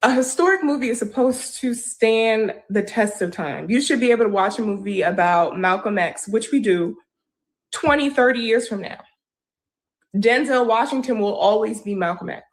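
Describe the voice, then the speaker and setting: A woman with a fairly high voice delivers forceful, indignant commentary. She argues her points hard on a news show. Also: moderate pace. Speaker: co-host. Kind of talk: opinionated commentary.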